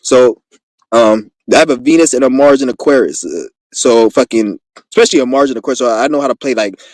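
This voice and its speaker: A man's voice: mid-range voice, animated, a little fast, no echo, low-quality recording. A man giving a casual monologue to his viewers, rambling and profane as he boasts through his stories. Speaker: vlogger.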